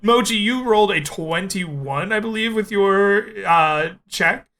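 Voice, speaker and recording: A man running a tabletop game, narrating scenes for his players. His voice sits high and sounds bright and clear. He takes his time, pausing on fillers as he describes the action. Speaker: game master.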